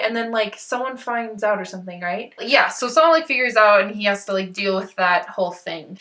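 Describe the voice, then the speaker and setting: A woman's voice: fairly high pitch, sharp tone. A young woman chatting casually on her book vlog, bubbly and rambling, tripping over author names as she talks to the camera. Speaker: book vlogger. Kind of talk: casual chat.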